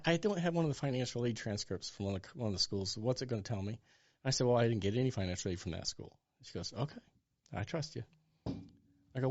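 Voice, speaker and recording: Pastor in his sixties, animated storyteller voicing the other people in his stories, dull mic sound. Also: medium pitch, fast talker. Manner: animated storyteller acting out dialogue. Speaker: pastor and guest. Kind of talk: storytelling interview.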